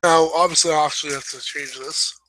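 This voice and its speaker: Fairly quick and forceful, with a bright, fairly high voice and fairly even intonation, a young host talks casually through a writing lesson. He rambles, corrects himself and apologizes in asides. The audio is poor.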